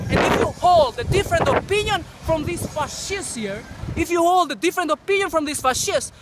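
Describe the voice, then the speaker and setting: High-voiced man ranting in the wind. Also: lively intonation, fairly quick, hardly any pauses. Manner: repetitive, declamatory ranting. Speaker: street protester. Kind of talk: outdoor protest speech. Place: outdoors on a windy street. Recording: loud wind noise on an outdoor mic.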